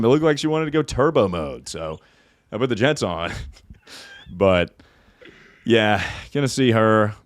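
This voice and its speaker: A young man hosting a comedy podcast, riffing casually and laughing often between loud bits and mumbled asides. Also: lowish voice, expressive, a little fast. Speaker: podcast host.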